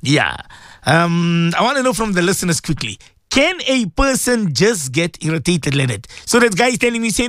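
A man's voice: sits high, big pitch swings, normal speed, fairly bright tone, dry recording, clean studio sound. A man hosting a morning radio show as a Maulana, talking casually and animatedly to listeners, often repeating words as he pleads and exclaims.

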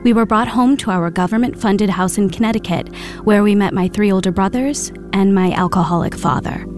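A woman narrates as an adult looking back on a painful childhood, in an earnest, reflective radio-drama voice. Clear music plays beneath her words. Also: mid-range voice, a little fast, darkish tone, lightly acted. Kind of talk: dramatized first-person narration. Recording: narration over background music.

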